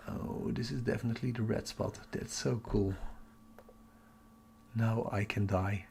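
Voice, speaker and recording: Gravelly excited man thinking aloud. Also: fairly low pitch, a little hiss or hum. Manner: excited, thinking aloud, drops to a whisper at times. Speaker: astronomy livestream host. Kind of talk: live-streamed casual chat. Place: home at night.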